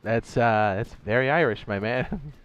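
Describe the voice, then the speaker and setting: A man's voice: mid-range voice, unhurried, highs cut off, slight background noise. Chatty male game streamer. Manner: rambling, chatty, says "dude" a lot, talks to himself; reads chat messages aloud. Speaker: streamer playing a survival game. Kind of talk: casual live-stream chat.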